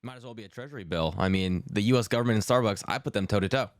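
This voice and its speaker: A low-voiced man fires off rapid, clipped asides as co-host. He sits away from the microphone, yet the sound stays dry without much room. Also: dry recording. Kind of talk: casual chat.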